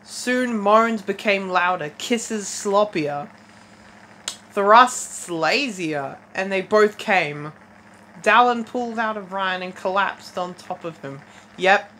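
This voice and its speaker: Faint background noise sits under a low-quality recording of a teenage girl reading fanfiction aloud. Her voice is fairly low and a bit bright, and she reads casually, stumbling, restarting, and slipping in wry comments between passages.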